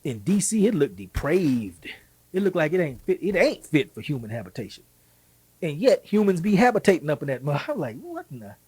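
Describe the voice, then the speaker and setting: Husky Texan man, animated host. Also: a little high. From Texas. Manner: animated, folksy, quick asides. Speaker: show host. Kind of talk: casual monologue.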